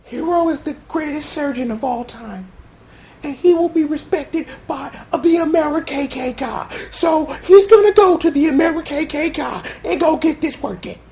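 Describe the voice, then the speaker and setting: A man voicing a lovestruck young woman who gushes over her crush in a raised, breathy falsetto. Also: moderate pace, mellow. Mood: gushing. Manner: high, gushing, breathy falsetto.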